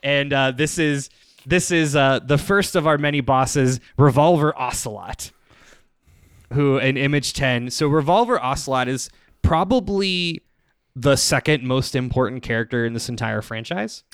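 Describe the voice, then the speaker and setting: Podcast host, male, smooth and clear voice, dry close sound, rambling chatty delivery. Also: medium pitch, a little slow, no room sound. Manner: loose and rambling, full of fillers and laughs. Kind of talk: casual recap chat.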